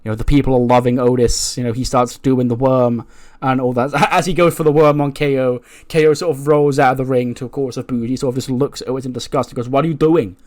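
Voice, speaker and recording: A man's voice: medium pitch, little pitch movement, quick pace, hardly any pauses, darkish tone, no room sound, clean studio sound. A man casually narrating a wrestling management game, chatty with lots of fillers. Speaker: let's play host.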